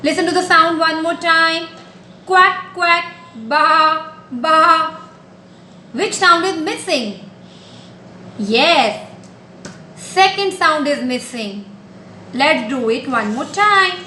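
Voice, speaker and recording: A woman's voice: very high-pitched, lively intonation, slow pace, pauses often, sharp tone, slight background noise. A woman teaching a nursery class, talking patiently and coaxingly in a sing-song way to small children. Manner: patient, coaxing, repeats simple instructions. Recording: echoey room.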